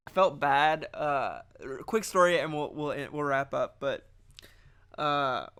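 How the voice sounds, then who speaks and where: Young male podcast host, loose rambling storyteller, a touch high-pitched. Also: takes it slowly, a bit bright, clear, resonant tone. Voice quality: rambling storyteller, lots of restarts. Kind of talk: casual chat.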